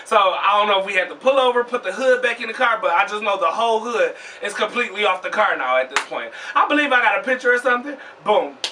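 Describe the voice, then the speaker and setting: Animated profane man telling a story. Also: sits high, fast talker, hardly any pauses, far from the mic, a little hiss or hum. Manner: animated, profane, acts out quoted voices loudly. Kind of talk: storytime vlog.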